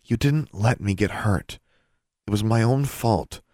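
A man's voice: fairly low pitch, a little slow, dark tone, dry recording, clean studio sound, voice pushed up, natural voice. A man voicing an earnest, stubborn teenage girl who pleads and teases in a storybook reading.

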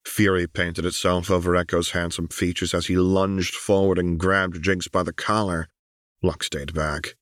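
Deep-voiced man narrating a story. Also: a bit bright, no echo, studio quality. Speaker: audiobook narrator.

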